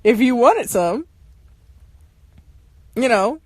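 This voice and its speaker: A woman's voice: on the high side, expressive, drawn-out words, darkish tone, no room sound. A young woman telling stories to her viewers in a casual, exasperated way, often laughing as she rants. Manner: ranting, exasperated. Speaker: livestream host.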